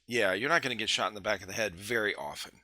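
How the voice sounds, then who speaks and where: A man hosting a podcast in casual chat, laid-back and profane, with quick reactions. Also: on the low side, crowd noise. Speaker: podcast host.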